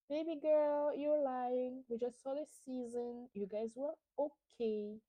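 A woman's voice: sits high, steady tone, takes it slowly, few pauses, warm tone. A woman hosting a podcast, recapping a reality show in a casual, opinionated, gossipy way with lots of fillers. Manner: opinionated and chatty, with many fillers. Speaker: podcast host.

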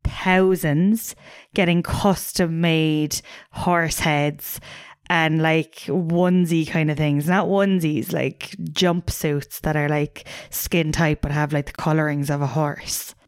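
Woman, casual podcast co-host, a bit low, chatty and swears, dry recording. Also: fairly even intonation, slow, clean tone, no echo. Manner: chatty, swears casually, shares researched facts. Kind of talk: casual chat.

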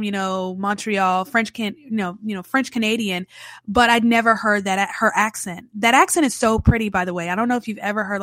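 A woman's voice: mid-range voice, a bit bright, dry recording. A young woman from Louisiana hosting a podcast, giving a casual, chatty film review with sarcastic asides and plenty of fillers.

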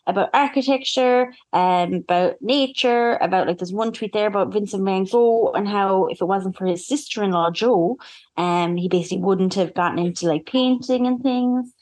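A woman's voice: medium pitch, moderate pace, a little mellow. Chatty woman, lots of "like". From Ireland. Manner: chatty, laughs easily, lots of "like". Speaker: podcast co-host. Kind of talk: casual chat.

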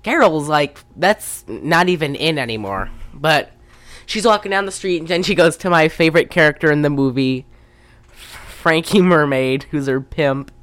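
A woman's voice: low voice, moderate pace, fairly bright tone, no room sound. A young woman recapping a movie in casual chat, rambling and profane, acting out the characters' lines. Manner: rambling, profane, acts out quotes.

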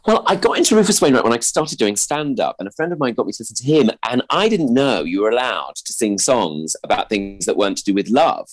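A man's voice: medium pitch, sing-song, fast, hardly any pauses, poor audio. A man in his thirties with a posh-sounding voice, a comedian guest in a radio interview, talking hesitantly with many restarts. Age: 30s. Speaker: stand-up comedian.

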